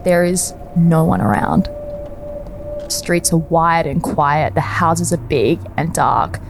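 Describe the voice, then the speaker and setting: A woman's voice: low-pitched, takes it slowly, gravelly, over music. Chatty young woman storyteller. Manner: conversational, chatty, laughs often, many fillers. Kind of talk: personal anecdote storytelling.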